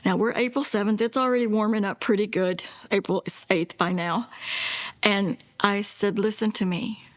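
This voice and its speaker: An older woman telling her daughter's story in a documentary interview, plainspoken and earnest, slipping into hushed whispers when quoting others. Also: medium pitch, steady tone, normal speed. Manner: plainspoken, with self-corrections and small laughs.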